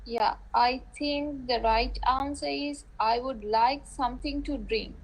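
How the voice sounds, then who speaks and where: Woman, learner, slow careful answers, higher voice. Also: steady tone, rough recording. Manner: brief agreeing replies and slow careful answers. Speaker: student.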